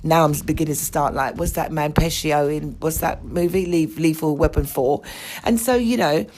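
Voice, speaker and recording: A woman's voice: sits low, moderate pace, darkish tone, slight background noise. A woman hosting her own podcast, ranting bluntly and indignantly with plenty of swearing. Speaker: podcast host. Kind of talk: ranting monologue.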